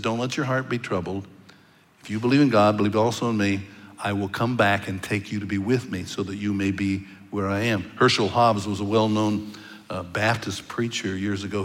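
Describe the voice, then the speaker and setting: Male preacher, lowish voice, conversational storyteller, long hall reverb. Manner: storytelling, conversational with occasional stammered restarts. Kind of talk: sermon.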